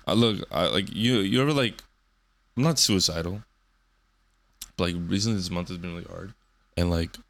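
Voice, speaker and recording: A young man in his early twenties rambles through a casual monologue, swearing freely and joking. He trips over his words and restarts his sentences, and his voice sits a little low. He sounds like a streamer talking off the cuff. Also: creaky, fairly bright tone. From Canada. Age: 20s. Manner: profane, rambling, joking, with many fillers and restarts. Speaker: streamer and podcast host.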